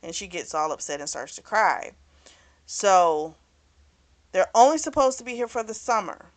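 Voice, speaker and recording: A woman's voice: medium pitch, animated, moderate pace. A woman casually retelling a novel's plot in a book review, chatty and full of "you know", raising her voice when she quotes characters. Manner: acts out characters' lines in a raised voice.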